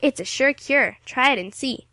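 A woman reading an audiobook voices a confident, cheerful teenage boy who takes charge briskly and boasts. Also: high-pitched, sharp tone, dry recording.

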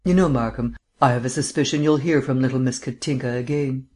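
A man's voice: mid-range voice, fairly even intonation, a little fast, a little mellow, natural voice. Audiobook: male narrator as a languid, learned sleuth who lectures at length, mannered drawl. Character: languid erudite male amateur detective. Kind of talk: audiobook character reading.

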